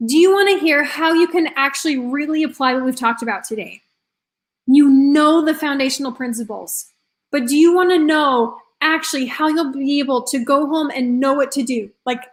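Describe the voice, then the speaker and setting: High-voiced enthusiastic woman coach. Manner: enthusiastic, storytelling, addresses audience directly. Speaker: health and confidence coach. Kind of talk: live online presentation.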